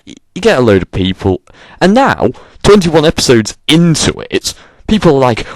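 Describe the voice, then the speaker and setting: A man's voice: mid-range voice, sing-song, moderate pace, no room sound. A man delivering an exasperated, sarcastic rant and swearing freely. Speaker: vlogger. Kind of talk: ranting monologue.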